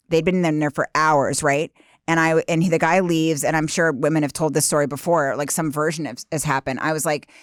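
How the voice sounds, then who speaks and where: Lowish-voiced woman comic telling stories. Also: dry recording, clean studio sound. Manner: self-mocking, acts out her husband's lines. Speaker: stand-up comedian guest. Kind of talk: casual podcast chat, storytelling.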